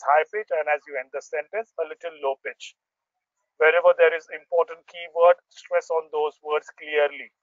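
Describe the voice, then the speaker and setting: A man's voice: on the high side, dry recording, lo-fi sound. Man coaching. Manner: steady, instructive, repeats key points. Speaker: exam coach. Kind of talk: instructional audio lesson.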